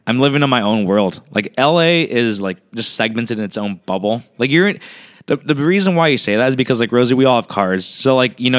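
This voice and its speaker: Animated, swearing man in casual chat. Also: on the low side. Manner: animated, filler-heavy, swears and jokes, acts out quotes. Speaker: podcast co-host.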